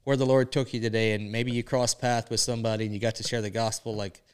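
A man's voice: medium pitch, little pitch movement, fast talker, clean tone. A man sharing a faith testimony on a podcast, telling his story earnestly and tying it together with lots of "and, uh". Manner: earnest storytelling, many "and, uh" links. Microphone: podcast microphone.

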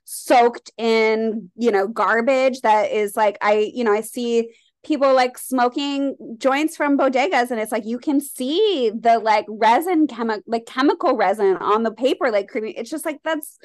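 Chatty woman, somewhat high voice. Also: unhurried. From Colorado. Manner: rambling, heavy use of "like", candid. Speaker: guest, shop owner and leather artist. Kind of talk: casual conversational interview.

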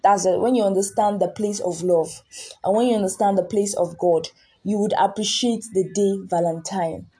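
A woman delivers a sermon in a warm, mellow, slightly husky voice. She speaks earnestly, circling back on her words and putting rhetorical questions to her listeners. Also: mid-range voice, steady tone, moderate pace. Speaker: preacher.

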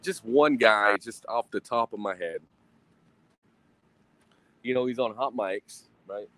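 Brief: male livestream host, lowish voice, cussing, rambling, self-mocking, recorded outdoors on a phone. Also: slow pace, a bit bright, no room sound, rough recording. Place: outdoors at a grill.

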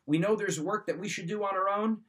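A man's voice: sits high, brisk, a bit bright. A man hosting a show, giving motivational advice in an emphatic, direct way and repeating his points. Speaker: podcast host. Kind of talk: motivational talk.

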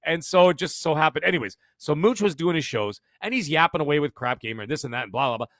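Fast-talking Canadian man, energetic. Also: fairly high pitch, no echo, studio quality. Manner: fast, energetic storytelling with frequent restarts. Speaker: podcaster guest. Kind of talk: casual interview chat.

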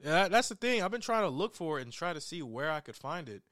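A man's voice: a little high, sing-song, quick pace, a bit bright, dry recording. Young man in a dry, rambling chat. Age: young adult. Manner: rambling, with many fillers and restarts, swearing and laughing. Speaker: reviewer. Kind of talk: casual chat.

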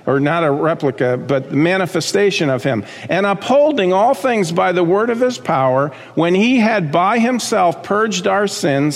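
A man's voice: high-pitched, big-room sound. A man preaching a sermon as pastor, talking conversationally with asides and checking in with the congregation.

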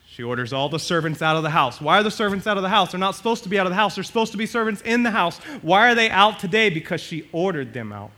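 A male pastor preaching a sermon, animated, swinging between loud and soft and acting out the quotes. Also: high voice, fast, hardly any pauses.

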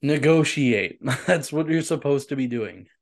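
A man co-hosting a podcast in casual chat, relaxed and opinionated, often agreeing with his partner. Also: medium pitch, measured pace. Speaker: podcast co-host.

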